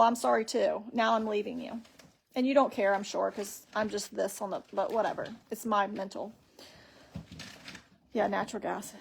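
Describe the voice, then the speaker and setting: Woman chatting on her phone live stream, kinda high voice, rambles and reads comments out loud. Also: vocal fry, slight background noise. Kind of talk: casual live stream chat.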